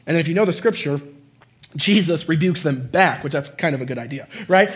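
A man preaching a conversational sermon, often checking in with "right?" and "okay?" and swinging from quiet asides to shouting. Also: on the high side, fast talker.

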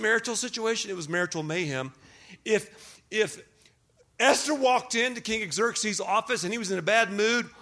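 A middle-aged male pastor preaching a sermon, joking and speaking straight to the congregation. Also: high-pitched. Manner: animated, joking, addresses the congregation directly.

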